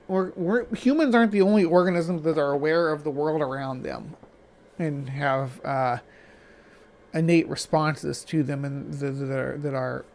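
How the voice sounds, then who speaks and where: A man hosting a reaction stream, talking back at a video with skeptical, halting commentary full of restarts. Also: on the high side, creaky, slight background noise. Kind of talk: casual commentary.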